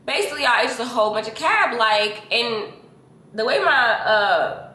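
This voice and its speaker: A young woman, telling a story to her viewers in a casual, animated and slangy way. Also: a little high, normal speed. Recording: roomy echo.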